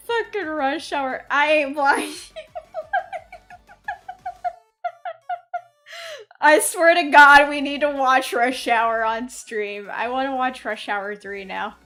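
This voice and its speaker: A woman streamer chatting casually on a live stream, excitable, swearing and loudly scolding her chat. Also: high-pitched, slow, long pauses, faint music behind.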